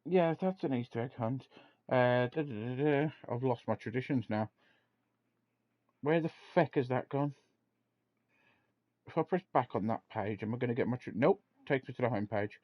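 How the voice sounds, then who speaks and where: A man's voice: mid-range voice, moderate pace, long pauses, no room sound. Casual male podcast host, laughs easily, swears now and then, lo-fi home recording. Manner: laughs often, swears casually, reads aloud from a web page. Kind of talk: casual chat.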